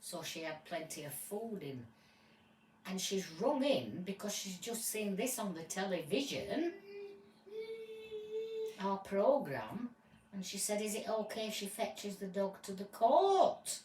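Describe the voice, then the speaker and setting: A woman giving voice to a busy female court helper, eagerly passing along news with a lively rise and fall. It sounds distant in a roomy space with a faint hum behind. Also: mid-range voice, measured pace. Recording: roomy and from off the mic, faint ambience.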